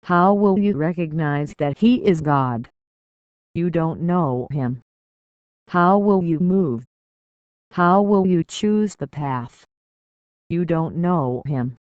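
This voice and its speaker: A man reading a spiritual discourse as an audiobook, in a measured, deliberate way with long pauses between short phrases. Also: on the high side, animated, clean tone, dry recording. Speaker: audiobook narrator. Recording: dull, slightly muffled dry recording.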